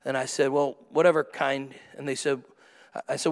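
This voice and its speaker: A man preaching a sermon as pastor, telling stories with sudden excited peaks and a lively back-and-forth with the congregation. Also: mid-range voice, brisk, gravelly. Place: church auditorium. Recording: long hall reverb.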